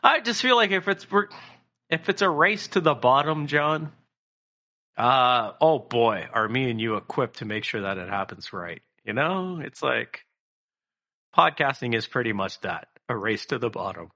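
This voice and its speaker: A man's voice: mid-range voice, lively intonation, moderate pace, sharp tone. A man co-hosting a casual podcast, rambling and swearing with lots of fillers. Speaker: podcast co-host.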